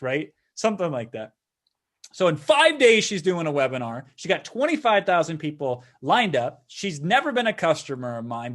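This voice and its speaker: A man's voice: fairly high pitch, fairly bright tone. A middle-aged man hosting a sales webinar, talking conversationally and often tagging sentences with "right?". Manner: conversational, frequent "right?" tag questions. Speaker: webinar host and marketing consultant.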